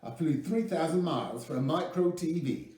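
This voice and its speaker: A man's voice: on the high side, moderate pace, slight background noise, voice pushed up, close to an everyday voice. A man voicing a brash, pushy middle-aged American tycoon with an American accent. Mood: scoffing. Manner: loud, pushy, flashy. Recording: echoey room, mic at a distance.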